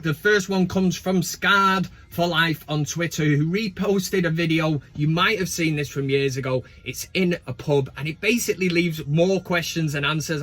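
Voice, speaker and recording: Cheeky high-voiced bloke. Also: male voice, a bit bright. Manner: cheeky, profane banter with asides. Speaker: fan channel host. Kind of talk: casual football fan show segment.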